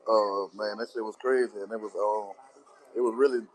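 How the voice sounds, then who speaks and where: New Orleans-accented guest on a video call, quick and easygoing, slang-heavy. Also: male voice, fairly low pitch, fairly even intonation, low-quality recording. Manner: laid-back slang, many "you hear me" tags. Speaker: battle rapper guest. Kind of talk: casual video call chat. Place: restaurant.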